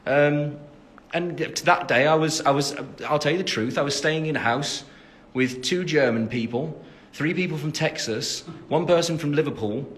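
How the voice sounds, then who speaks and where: A man's voice: fairly high pitch, normal speed, a bit bright. Rambling young English man on a livestream. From England, West Midlands. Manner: chatty and rambling, reads out fan questions, many ums. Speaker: singer answering fans on a livestream. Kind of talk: casual live-stream Q&A.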